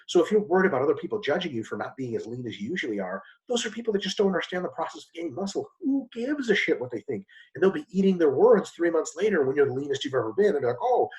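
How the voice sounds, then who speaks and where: A guest expert answers interview questions bluntly and emphatically, swearing casually as he explains. He speaks fast with sudden pitch jumps, his tone darkish, on a low-quality recording.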